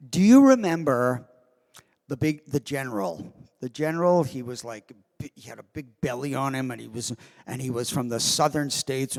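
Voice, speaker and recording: Slow, animated man telling stories in a hall. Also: fairly high pitch. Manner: animated, self-amused storytelling. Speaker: guest of honor actor. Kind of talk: anecdote on a convention stage. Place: convention hall. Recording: long hall reverb.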